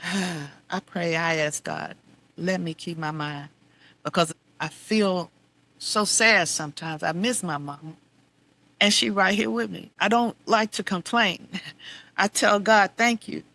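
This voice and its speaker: Bright-voiced middle-aged woman, heartfelt and wry. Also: fairly low pitch, steady tone, takes it slowly. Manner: heartfelt and wry, shifting between quiet reflection and exasperated venting with laughs. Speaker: podcast host. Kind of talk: candid personal storytelling.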